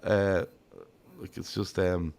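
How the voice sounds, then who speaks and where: Irish male podcast host, low gravelly voice, rambling, sweary, chatty football talk. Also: flat delivery, takes it slowly, darkish tone. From Ireland. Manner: rambling, swears freely, acts out quotes. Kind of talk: casual football chat.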